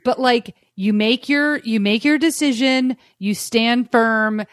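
A woman, a comedian guest, chatting casually with wry, deadpan asides. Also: a little high, takes it slowly, no room sound, studio quality. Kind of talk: casual recap chat.

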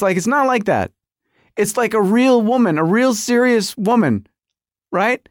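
A man's voice: sits high, lively intonation, moderate pace, no echo, studio quality. A middle-aged man hosting a podcast, telling a comic story about his marriage with exaggerated quoted voices. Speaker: podcast host.

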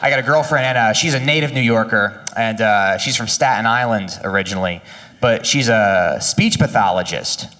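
A man's voice: on the low side, normal speed, sharp tone, in a large hall, slight background noise. A man doing stand-up comedy with a dry, conversational delivery.

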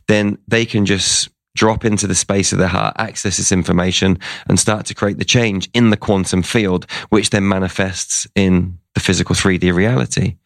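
A low-voiced man with a gravelly edge, speaking as an interview guest. He tells a story casually and acts out the words of the people in it. The sound is dry and close. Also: dry recording.

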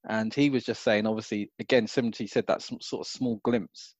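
A man co-hosting a podcast, speaking casually with short replies and a slower, reflective manner. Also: on the low side, fairly even intonation, a little mellow, no room sound, highs cut off. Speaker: podcast co-host. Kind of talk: casual chat.

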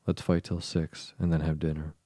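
A man's voice: a bass voice, flat delivery, moderate pace, dark tone, dry recording, clean studio sound. A man voicing a boastful fussy twin brother.

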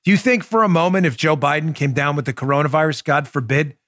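A man's voice: a little high, quick pace, fairly bright tone, no echo, studio quality. A man hosting a political commentary podcast, talking emphatically and with indignation, addressing his listeners directly. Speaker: podcast host.

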